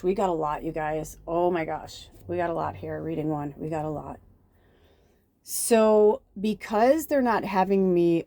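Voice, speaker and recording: A tarot reader and medium from Chicago's south suburbs speaks in a warm, lowish voice. Her spiritual card reading is chatty and easily distracted, often trailing off into whispers.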